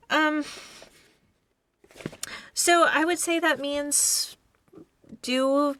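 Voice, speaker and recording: A woman hosting a casual book-chat podcast, talking in a chatty, animated way and acting out the quotes she tells. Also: high voice, extremely slow, long pauses, no echo. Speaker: podcast host.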